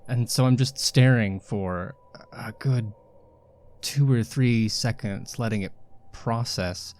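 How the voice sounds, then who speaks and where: A man's voice: lowish voice, darkish tone. A man playing a tabletop game, eagerly describing his character's actions with some stammering. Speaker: player.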